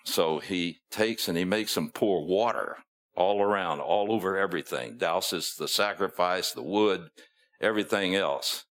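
A man's voice: low voice, a little slow, fairly bright tone. A man preaching a sermon, retelling scripture in a folksy storytelling way, acting out the quotes and chuckling at his own asides.

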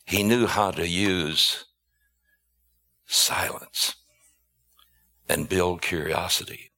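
A man preaching a sermon, emphatic, with rhetorical questions and drawn-out stressed words. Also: sits low, sharp tone.

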